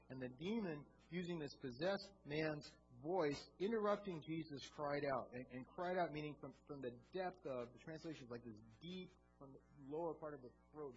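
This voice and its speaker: A man's voice: fairly high pitch, lo-fi sound. A man preaching a sermon as pastor, earnest and often repeating words as he restarts.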